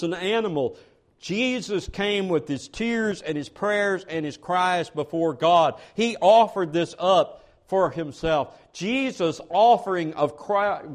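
Male preacher, high-pitched, earnest and emphatic, repeats phrases for weight. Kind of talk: sermon.

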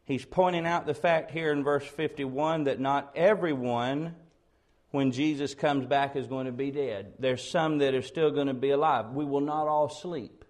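A man preaching an expository sermon, building to loud, slowed, emphatic peaks on key words. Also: mid-range voice, fairly even intonation.

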